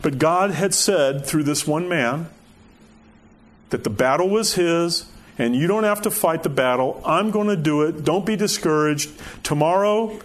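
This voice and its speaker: Guy preaching, fairly high voice that swoops up and down a lot, keeps asking the crowd questions. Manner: animated, rhetorical questions, frequent "you know". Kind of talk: conversational sermon.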